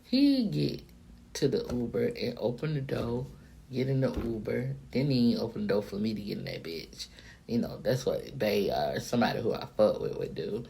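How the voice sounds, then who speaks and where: A woman from the Miami-Dade area telling a personal story straight to camera, candid and profane, in an animated, chatty way. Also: rumbling low, normal speed, vocal fry, a little hiss or hum. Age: adult, past her younger days. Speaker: vlogger. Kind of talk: casual storytime monologue.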